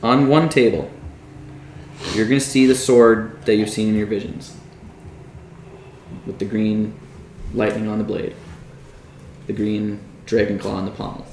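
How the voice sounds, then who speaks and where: A man running a tabletop game as dungeon master, narrating scenes in a low, hushed storytelling voice. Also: flat delivery, a little slow, vocal fry, long pauses, roomy sound, a little hiss or hum, rough recording.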